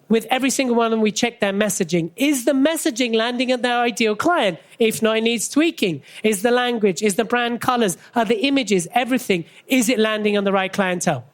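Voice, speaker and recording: A lively speaker on an expo stage delivers a motivational business talk into a stage microphone. The delivery is conversational and punchy, with frequent quick questions to keep the audience involved. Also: medium pitch. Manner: keeps checking in with the audience through quick questions; energetic, conversational, punchy short phrases. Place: stage at a live expo event.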